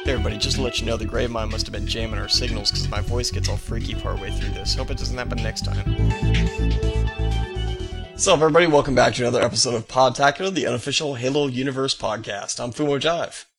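A man's voice: medium pitch, fast, vocal fry, over loud music. A man hosting a casual podcast, joking and upbeat with his co-hosts. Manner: jokey, upbeat. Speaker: podcast host.

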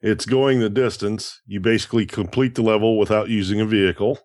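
A man's voice: lowish voice, fairly even intonation, brisk, darkish tone, no echo, clean studio sound. A man co-hosting a casual gaming show, matter-of-fact as he explains achievements. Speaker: game podcast co-host. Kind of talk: casual gameplay commentary.

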